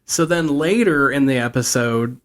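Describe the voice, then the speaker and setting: A man's voice: mid-range voice, normal speed. Guy on a podcast going through a whole tv plot, rambly, does the lines in voices. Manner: rambling storyteller, acts out characters' quotes. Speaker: podcast co-host. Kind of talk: casual podcast chat, recapping a TV show.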